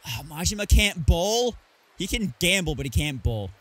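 A man's voice: fairly high pitch, very animated, moderate pace, husky. A man streamer chatting casually over gameplay, reading item names aloud and joking about the game.

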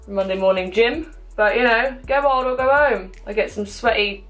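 A young woman in her twenties with a fairly high-pitched voice, chatting casually as she does her makeup at home. She is self-mocking and talkative, narrating each product as she puts it on, with faint music behind her. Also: moderate pace, fairly bright tone. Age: 20s. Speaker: beauty vlogger. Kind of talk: casual makeup tutorial chat.

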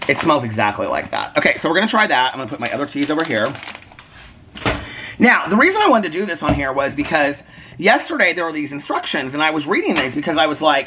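Bubbly chatty man with a lively voice. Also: on the high side, quick pace, background noise. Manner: bubbly, giggly, chatty with frequent laughs. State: out of breath. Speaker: vlogger. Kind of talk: casual chat. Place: home kitchen.

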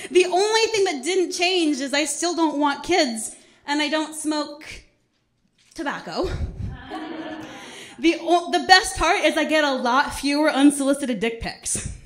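High-voiced woman doing stand-up. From Ohio. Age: 30s. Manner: wry storytelling with punchy lines. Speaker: stand-up comedian. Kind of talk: stand-up set. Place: small arts centre stage.

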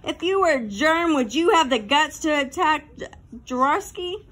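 A woman's voice: sits high, lively intonation, moderate pace, a bit bright. A woman reading an audiobook, voicing a cheeky fifth-grade boy who jokes his way through trouble. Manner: cheeky and playful.

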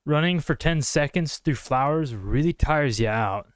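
A man's voice: a little high, expressive, measured pace, clear, resonant tone, no room sound, studio quality. A male streamer giving casual gameplay commentary, joking and swearing while talking to his chat. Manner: joking and profane, talks to chat.

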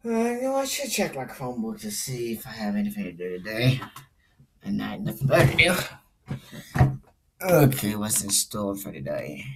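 A man's voice: lowish voice, wildly swooping pitch, normal speed, noisy background. Young male host, rambling casual chat, hesitant, home computer mic. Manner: rambling, hesitant, many restarts. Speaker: channel host.

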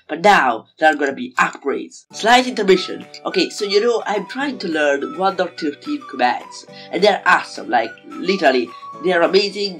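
A man chats his way through a game map tour in a loose, rambling, excitable way. His voice carries the roughness of someone a little sick and just out of bed. Music plays clearly under him. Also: fairly high pitch. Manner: rambling, excitable, self-deprecating. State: slightly sick, just woke up. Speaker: Minecraft map-making YouTuber. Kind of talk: casual gameplay commentary.

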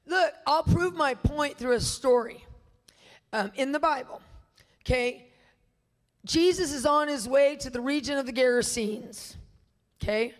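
A woman's voice: high voice, measured pace, pauses often, big-room sound. A woman minister preaching a sermon, emphatic and full of rhetorical questions to her listeners. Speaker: guest minister teaching.

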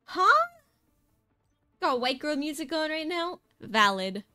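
A woman's voice: high-pitched, animated, moderate pace, sharp tone, soft background music. A woman streamer chatting casually and playfully with friends during a game, giggling and teasing. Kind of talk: casual gaming stream chat.

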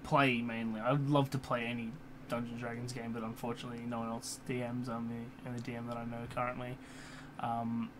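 A man's voice: medium pitch, completely flat delivery, a little fast. Young male vlogger, casual and rambling, swears a lot, fan hum in the room. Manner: swears often, many fillers and restarts. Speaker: YouTuber. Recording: computer fan hum in background.

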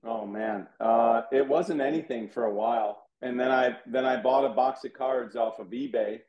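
A man's voice: mid-range voice, normal speed, roomy sound, dull audio, a crowd in the background. A man from Houston, a guest on an interview show telling a casual story and acting out the dialogue in it, heard over a video call. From Houston, USA. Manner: animated, acts out quoted dialogue. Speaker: interview guest, card collector.

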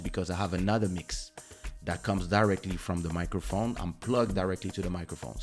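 A man hosting a live stream, explaining his audio setup step by step and speaking softly and loudly on purpose to show the effect, into a broadcast microphone. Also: low voice. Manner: explains step by step, talks loud and soft on purpose. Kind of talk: casual tech demonstration. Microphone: dynamic broadcast microphone.

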